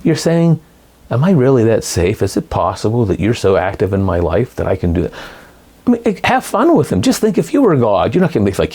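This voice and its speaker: A man's voice: fairly low pitch, fairly quick, breathy edge. A middle-aged man giving a casual, rambling talk on Catholic faith, often correcting himself as he goes. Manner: rambling, animated, self-correcting. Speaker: lay Catholic speaker.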